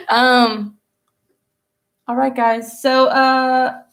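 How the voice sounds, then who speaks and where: A woman's voice: high voice, little pitch movement, very slow, a bit bright. A young adult woman hosting a casual live-streamed painting lesson into her laptop mic, chatty and rambling as she paints. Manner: chatty, rambling, self-talking while painting. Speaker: painting class host.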